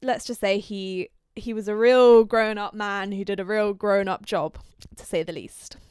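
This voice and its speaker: A young woman from Scandinavia hosting a podcast, telling a story in an animated, gossipy way and swearing freely. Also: medium pitch, measured pace, clear, resonant tone, no echo, studio quality. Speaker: podcast host. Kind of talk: casual storytelling chat.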